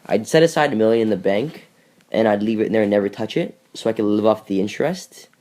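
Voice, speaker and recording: A man's voice: on the low side, lively intonation, quick pace, darkish tone. A young man co-hosting a casual podcast, rambling and joking with lots of fillers, recorded in a bedroom. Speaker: podcast co-host. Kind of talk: casual chat.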